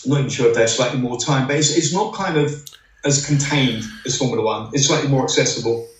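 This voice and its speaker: A man's voice: medium pitch, quick pace, slight background noise. A middle-aged man telling rambling racing stories as a podcast guest, with lots of "you know"s. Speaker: guest, former racing driver. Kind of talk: anecdotal podcast interview. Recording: roomy sound, distant from the mic.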